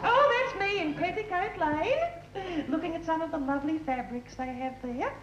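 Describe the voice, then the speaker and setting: A man voicing a prim, chatty Australian suburban housewife in a high falsetto, giggly and gushing, from an old television comedy sketch. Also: normal speed, a bit bright, dull audio, soft background music. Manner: gushing, giggly slide-show patter. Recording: echoey 1959 TV archive with audience and noise.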